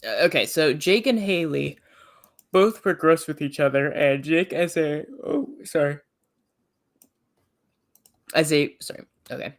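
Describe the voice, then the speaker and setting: A young man co-hosting a livestream review in casual chat, stumbling and restarting as he reads notes aloud. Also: a little high. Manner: halting, restarts often when reading aloud.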